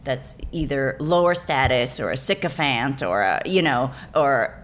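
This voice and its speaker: A woman's voice: very deep voice, animated, unhurried, slight background noise. A woman actor, a guest in a casual interview, telling rambling stories with frequent restarts and laughs. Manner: rambling, self-correcting, laughing storyteller.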